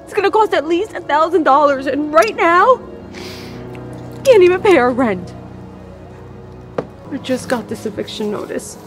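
A woman's voice: sits high, sing-song, a little slow, pauses often, music in the background. An actress playing a worried adult woman who cannot pay the rent, speaking anxiously. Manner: anxious, pleading.

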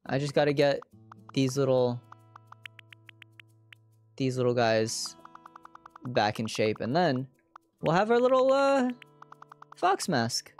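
A woman streamer casually narrating her own moves in a video game, chatty and self-deprecating, now and then breaking into loud squealing yells. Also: very deep voice, animated, takes it slowly, pauses often, soft background music. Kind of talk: casual livestream gameplay commentary.

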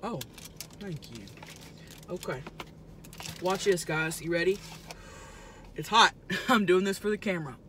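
A woman's voice: fairly low pitch, unhurried, long pauses, a bit bright, a little hiss or hum. A woman playing a brash, crude trailer-park woman who talks while eating noisily in a car. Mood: gleeful. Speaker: mukbang vlogger character. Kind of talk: improvised character comedy. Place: inside a car.

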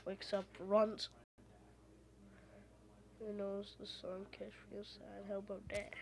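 A woman commenting on her own gameplay in an unhurried, drawn-out way, swinging between loud exclamations and muttered complaints. The recording carries a noticeable layer of background noise. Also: medium pitch, completely flat delivery, vocal fry. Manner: frustrated, exclaiming, muttering under breath. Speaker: gamer.

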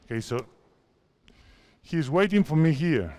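Spanish-accented coach giving court drills. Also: male voice, a little high, big pitch swings, darkish tone. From Spain. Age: 50s. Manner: halting non-native English, repeats phrases, directs players. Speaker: basketball coach.

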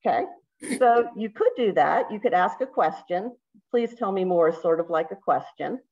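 A woman's voice: lowish voice, animated, normal speed, a little mellow, muffled recording. A woman facilitating an online workshop, upbeat and chatty, asking the group questions. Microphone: video call.

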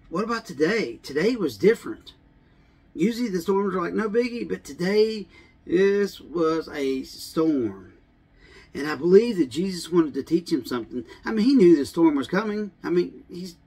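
A male pastor delivers a relaxed, conversational sermon. His voice sits a little high and has a husky texture. He talks loosely and often drops in "I mean" and "you know.". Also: moderate pace. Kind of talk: casual sermon.

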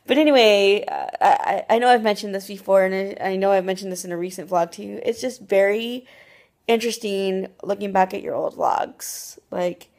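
A woman's voice: medium pitch, normal speed, creaky, darkish tone. A young woman vlogging casually into her phone camera, telling a rambling story full of "like" and restarts. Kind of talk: casual chatty vlog.

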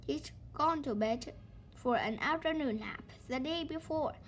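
Brief: woman storyteller, high voice, expressive children's book read-aloud. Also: a little slow, slight background noise. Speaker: storybook reader.

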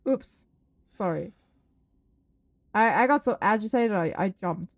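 A woman's voice: mid-range voice, expressive, a little slow, dry recording, low-quality recording. A woman live-streaming a horror game, chatting with viewers, swearing freely and shrieking at scares.

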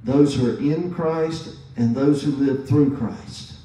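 A man in his fifties preaching a sermon as pastor, slowly and emphatically, repeating key phrases. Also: medium pitch, mellow. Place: church sanctuary. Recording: very echoey church from a distance.

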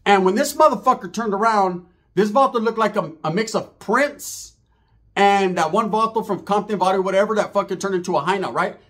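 A comedian with a high-pitched, slightly bright voice tells a profane, slangy street story a little fast. He acts out the quotes of the people in it, shifting his voice for each.

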